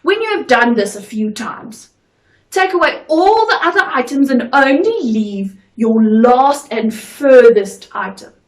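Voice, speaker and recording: A woman gives a drama lesson in a slow, deliberate and instructive way. Her voice sits a little high and she speaks unhurriedly. The recording sounds roomy, as if the mic is some distance away. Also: expressive. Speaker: drama teacher.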